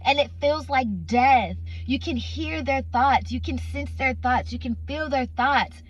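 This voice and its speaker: A woman's voice: sits high, measured pace, slightly rough, lo-fi sound. A woman giving informal preaching to her listeners, stressing points by repeating phrases and calling them honey and sweetheart. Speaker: Christian faith speaker.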